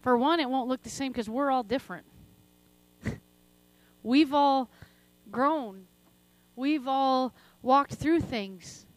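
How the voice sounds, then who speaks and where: Middle-aged woman preacher, high voice, dry close sound; passionate, laughs often, soft then loud. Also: slow pace, long pauses, dry recording. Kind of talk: sermon with prayer.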